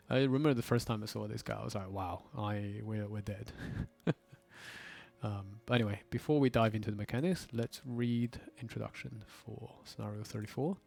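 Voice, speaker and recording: A man's voice: medium pitch, brisk, gravelly. A man hosting, chatting casually through a board game setup. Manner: relaxed, chatty, with fillers. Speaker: host.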